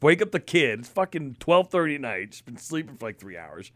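A man co-hosting a podcast, telling stories in a casual, profane, animated way. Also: a little high, fairly quick, no echo, clean studio sound. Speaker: podcast co-host. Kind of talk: casual chat, storytelling.

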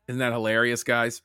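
A man's voice: medium pitch, bright, forceful tone, clean tone, dry recording, clean studio sound. A man hosting a casual podcast from home, loose and jokey, saying "dude" all the time. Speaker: podcast host.

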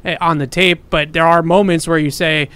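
A man talks through football tactics on a podcast in detailed, analytical breakdowns. His voice sits a little high and sounds smooth and clear. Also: fairly even intonation, moderate pace, bright, forceful tone. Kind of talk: sports podcast chat.

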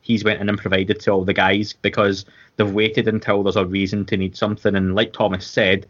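Chatty Scottish man, lowish voice. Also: little pitch movement, fairly quick, dull audio. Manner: chatty, rambling with restarts and fillers. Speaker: podcast co-host. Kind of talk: casual watchalong chat.

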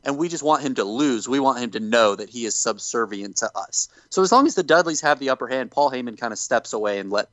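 A man in casual chat, retelling events in an animated way and acting out quotes as he goes. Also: medium pitch, quick pace, few pauses, no echo. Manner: animated storyteller who acts out quotes. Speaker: podcast co-host recapping wrestling.

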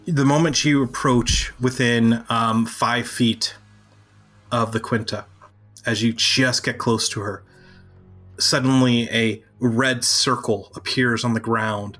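A man narrating as game master of a tabletop game, halting and full of fillers, now and then shouting short character lines. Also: medium pitch, fairly even intonation, faint music behind.

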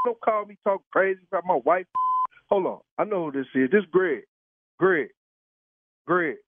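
A man's voice: high-pitched, animated, a little slow, no room sound. A man on a phone call, talking in a slangy, repetitive and indignant way as the target of a prank call. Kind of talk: heated phone argument. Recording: tinny phone line.

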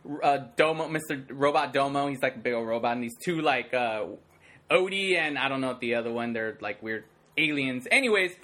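A man in his thirties rambles excitedly in casual conversation, stuffing his speech with "like" and acting out sound effects. His voice is medium in pitch and fairly quick.

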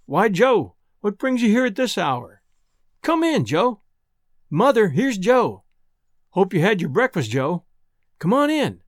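A woman's voice: mid-range voice, big pitch swings, measured pace, long pauses, dry recording, studio quality. A man voicing a cheerful, tender young woman in a spoken story, with a lifted, lilting voice.

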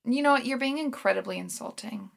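A woman's voice: a little high, fast talker, vocal fry. A woman co-hosting a comedy podcast, patient and dry, growing exasperated with her host.

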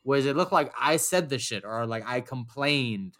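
A young man spinning a story in loose, profane conversation. He's animated and jumps into other people's voices as he tells it, with a voice of middling pitch. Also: moderate pace, a crowd in the background. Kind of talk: casual storytelling chat.

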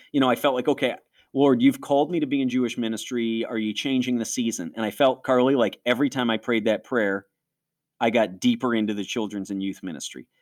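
A man in his forties, originally from Western New York, telling his own story in an interview. He speaks in a somewhat low voice, earnest and reflective. He often slips into his own past thoughts as he tells it. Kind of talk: personal testimony in interview.

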